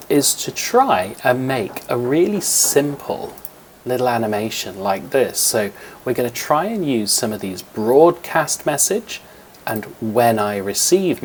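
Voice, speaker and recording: A man's voice: mid-range voice, slight background noise. A man teaching young children a coding lesson over a screen recording, explaining step by step in a patient way, with fillers, into a computer microphone.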